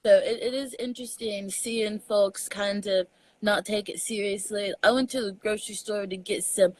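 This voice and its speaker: A young adult woman from Texas with a Southern accent, chatting casually as a comedian guest, animated and laughing often. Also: mid-range voice, normal speed, dry recording, poor audio. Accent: Southern US, Texan. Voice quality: animated storyteller, laughs often, mixes in slang. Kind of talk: casual chat.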